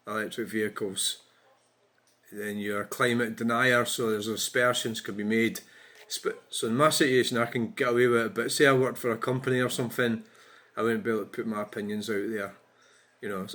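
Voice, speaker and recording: A chatty man giving casual commentary in a vlog. His voice sits in an ordinary middle pitch, and he keeps tagging his points with quick questions to the listener. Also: a bit bright. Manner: chatty, frequent tag questions, chuckles at his own remarks. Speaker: political vlogger. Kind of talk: casual commentary reading out an online exchange.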